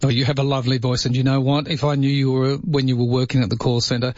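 Chatty Australian talkback radio host. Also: male voice, medium pitch, flat delivery, fast talker, darkish tone, no room sound, lo-fi sound. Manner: chatty, joking, laughs often. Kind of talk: casual talkback radio chat.

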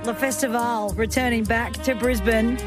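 A woman hosting a radio show in a studio, bubbly and quick to laugh, reading passages with playful drama. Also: on the high side, fairly even intonation, over loud music. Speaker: radio host. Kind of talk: lively radio chat. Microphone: studio microphone.

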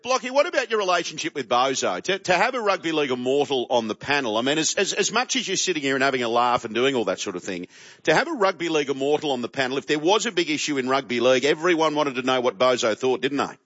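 Fast-talking radio host. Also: male voice, medium pitch, sing-song, a bit bright. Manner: upbeat, quick interviewing, calls guests "buddy". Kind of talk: talk radio hosting. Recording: slightly dull radio audio.

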